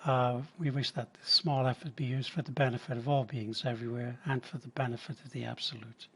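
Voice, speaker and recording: A man hosting a small comedy show and wrapping it up, halting and full of fillers. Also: medium pitch, fairly even intonation, fairly bright tone, husky. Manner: unhurried, halting, with many fillers. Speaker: event host. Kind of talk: closing remarks.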